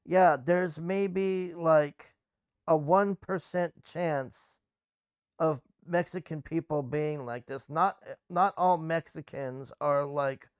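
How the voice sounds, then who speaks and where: A man's voice: a little high, slow pace, clean tone, no room sound. Man, casual episode recap, blunt, sarcastic, profane, resonant voice, dead dry close recording. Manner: blunt, sarcastic, swears freely. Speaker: TV episode reviewer.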